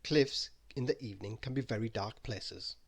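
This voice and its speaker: A man reading a bedtime story aloud in an expressive, lively way. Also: fairly low pitch, moderate pace, breathy edge.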